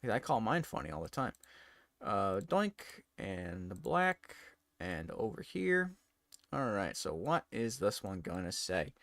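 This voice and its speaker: A man's voice: on the low side, very animated, unhurried, vocal fry, a bit bright, dry recording. A man chatting casually on a live stream while editing photos, giggly and self-mocking.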